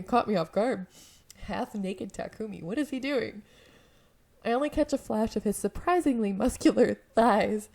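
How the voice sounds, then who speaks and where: A woman's voice: on the high side, darkish tone. Giggly woman reading an otome game aloud. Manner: giggly, breaks off to laugh and comment. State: slightly hoarse throat. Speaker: let's-play video creator.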